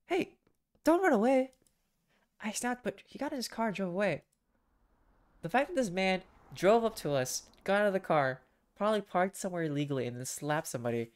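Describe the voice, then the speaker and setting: A woman streamer reading a romance comic aloud in an expressive, casual way with chatty asides. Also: lowish voice.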